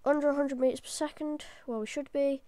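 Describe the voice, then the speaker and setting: A woman hosting a gaming channel, giving excitable, hyper, rambling live gameplay commentary full of restarts. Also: high-pitched, fairly quick, dry recording.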